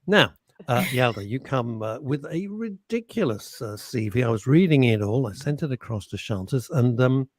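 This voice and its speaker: A man's voice: mid-range voice, animated, normal speed, few pauses, no echo, studio quality. A man hosting a radio chat show, joking and teasing his co-host and guest.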